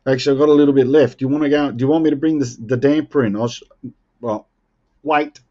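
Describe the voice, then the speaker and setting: A man's voice: medium pitch, fairly even intonation, fast talker, highs cut off. An Australian man chatting casually with viewers on a live stream, joking and playfully defending himself. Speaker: livestream host.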